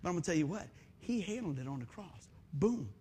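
High-voiced, fired-up preacher man. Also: a little fast, slight background noise. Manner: energetic preaching, voice swings between loud bursts and quiet asides. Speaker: pastor. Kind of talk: sermon.

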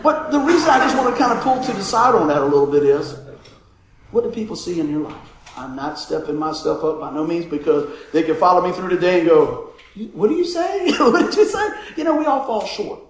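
A man's voice: sits high, reverberant, poor audio. A man preaching a folksy sermon, often chuckling and calling out for amens. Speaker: pastor.

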